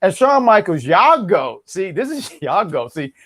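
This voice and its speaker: A man's voice: high voice, big pitch swings, a little slow, a bit bright. A man co-hosting a wrestling podcast, chatting casually with a joking, mock-boastful manner. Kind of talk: casual chat.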